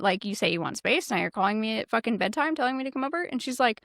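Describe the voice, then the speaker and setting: Woman co-host with a gravelly voice and dry close sound, profane and animated storyteller. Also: on the high side, fast talker, dry recording. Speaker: podcast co-host. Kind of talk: casual podcast chat.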